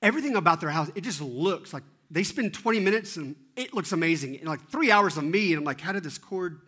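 Guy pastor preaching, bright crisp voice, a bit high, animated and self-mocking. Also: fast talker. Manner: animated, self-deprecating, asks the audience questions. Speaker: teaching pastor. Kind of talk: sermon.

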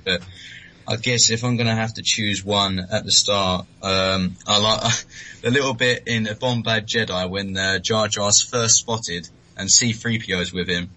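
A man's voice: fairly low pitch, sharp tone, rough recording. A British man co-hosting a podcast, chatting enthusiastically and laughing easily. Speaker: podcast co-host. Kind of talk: casual podcast chat.

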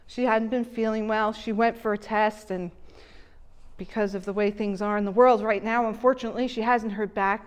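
A woman delivering a sermon in a slow, gentle way, her voice dropping soft and low when she quotes someone. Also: clear, resonant tone. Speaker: preacher.

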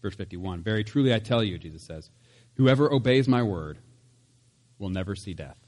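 A man's voice: lowish voice, lively intonation, normal speed, darkish tone. Chatty man preaching a casual sermon. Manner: conversational and chatty, with laughs and asides. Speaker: pastor.

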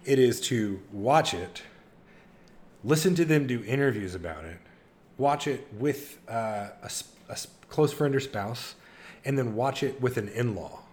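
Brief: male co-host, mid-pitched, animated storyteller, casual chat. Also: a little slow. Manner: excited storytelling with laughs and impressions. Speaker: podcast co-host.

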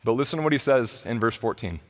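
A man in his thirties preaching a sermon as pastor, impassioned, rising to loud pleas and dropping to low, quiet emphasis. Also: lively intonation, fast talker. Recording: long hall reverb.

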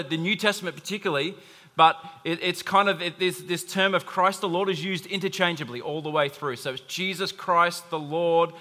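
Bright-voiced male pastor in a reverberant hall. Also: fairly high pitch. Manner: conversational preaching with asides to the congregation. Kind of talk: sermon. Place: church hall.

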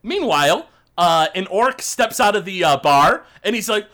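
A man runs a tabletop game as game master, halting and filling pauses as he narrates. His voice swings in pitch and sounds bright. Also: animated. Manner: halting, many fillers.

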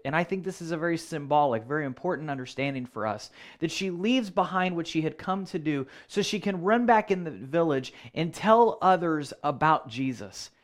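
Earnest male preacher, fairly high voice. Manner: earnest, repeats phrases for emphasis, slows to stress key words. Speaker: pastor. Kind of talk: sermon.

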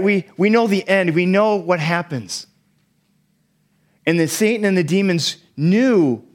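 Higher-voiced man preaching a sermon. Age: young adult to middle-aged, a parent. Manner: explanatory, acts out quoted lines dramatically. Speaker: pastor.

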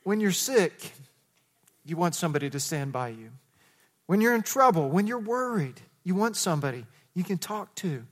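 A middle-aged man preaching a sermon in a relaxed, chatty tone, leaning on rhetorical questions. His voice sits noticeably high for a man. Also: normal speed. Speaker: pastor.

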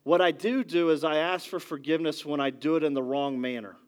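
A pastor giving a conversational sermon, a father who keeps asking "ready?" and moves between loud emphasis and quiet, soft asides. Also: a little high, brisk. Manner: conversational preaching with frequent "ready?" check-ins.

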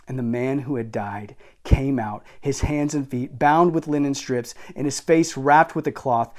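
A male pastor preaching a sermon, emphatic and shifting between intense and quiet delivery. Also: mid-range voice, steady tone, moderate pace.

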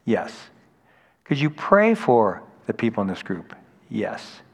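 A man's voice: on the low side, wildly swooping pitch, slow pace, vocal fry, breathy edge. A man preaching a sermon in a conversational, storytelling way, acting out quoted people as he goes. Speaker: pastor. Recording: long hall reverb.

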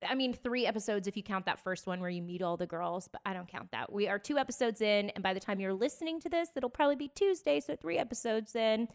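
A chatty woman co-hosting a casual podcast. She tells stories with an easy laugh in a middle-pitched voice. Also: quick pace, few pauses. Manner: chatty storyteller, laughs easily. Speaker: podcast co-host. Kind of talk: casual chat.

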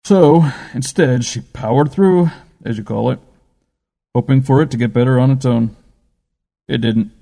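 A cold, impatient spirit guide, as a male narrator puts him on, lecturing loudly with clear disdain. The voice stays mellow and dark beneath its dismissive edge. It belongs to a spoken storybook reading. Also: mid-range voice, flat delivery, moderate pace, long pauses, big-room sound, close to an everyday voice.

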